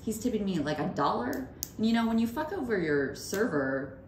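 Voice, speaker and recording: A woman co-hosting a podcast, telling stories in casual chat and acting out the people she quotes with lively jumps in her voice. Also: moderate pace. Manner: animated, acts out quoted voices with big pitch jumps. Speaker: podcast co-host. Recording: echoey room with faint noise.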